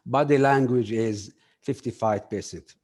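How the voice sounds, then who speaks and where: A man giving a workshop lecture on communication skills, pausing often with fillers and putting questions straight to his audience. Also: medium pitch, a little mellow. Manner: halting, filler-heavy, addresses audience directly.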